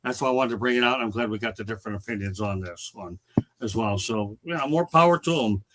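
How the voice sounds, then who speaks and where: A man's voice: on the low side, a little fast, background noise. A man hosting a sports talk show, arguing his point emphatically and insistently. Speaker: host.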